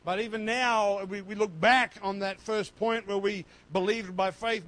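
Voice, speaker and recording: A man preaching a sermon as pastor, swinging between loud, fervent passages and quiet, low stretches. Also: fairly even intonation, measured pace, rough recording.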